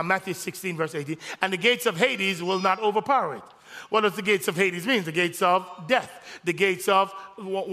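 In a church sanctuary, a male pastor with a high voice preaches a sermon, rising to shouts on key phrases in a call-and-response style. The sound has a big-room quality.

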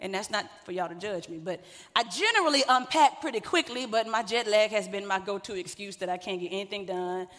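A woman's voice: medium pitch, brisk, a bit bright. A woman pastor, preaching a sermon in a conversational way, with joking asides to the congregation. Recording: long hall reverb.

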